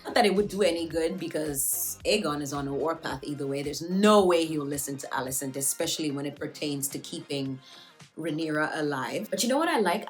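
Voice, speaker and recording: A woman recapping a TV episode in a casual vlog, joking and slangy. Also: sits low. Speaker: TV show reviewer.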